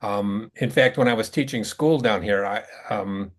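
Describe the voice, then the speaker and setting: A man's voice: on the low side, moderate pace. An older man with a heavy Chicago accent, a retired detective and podcast guest, telling stories in casual chat and poking fun at himself. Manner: self-mocking, storytelling.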